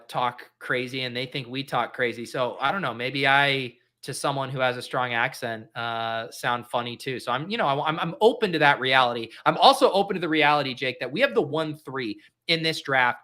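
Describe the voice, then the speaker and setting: Upbeat guy hosting a podcast, bright voice, chats along fast with lots of asides. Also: mid-range voice. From Colorado. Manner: chatty, upbeat, quick asides. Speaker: host. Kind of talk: casual podcast interview.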